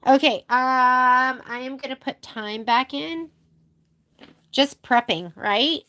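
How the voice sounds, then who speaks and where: A woman's voice: high-pitched, slow pace, pushed and bright. A young American woman teaching a casual live stitch-along, chatting with viewers as she works. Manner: chatty, talks to viewers while working. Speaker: sewing instructor.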